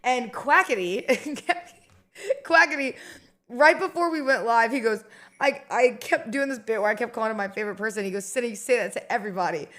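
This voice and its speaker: A woman's voice: fairly high pitch, normal speed, a bit bright. A woman streamer in casual chat, rambling and chatty with lots of fillers and restarts.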